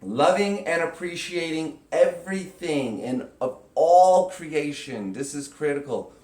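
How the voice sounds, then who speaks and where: A man giving a casual spiritual teaching talk, animated and acting out inner voices with sudden loud, high bursts. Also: a little slow. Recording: echoey room.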